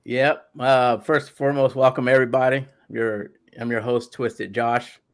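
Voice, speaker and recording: A man hosting a casual podcast, talking hesitantly with many pauses and fillers. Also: mid-range voice, little pitch movement. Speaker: podcast host.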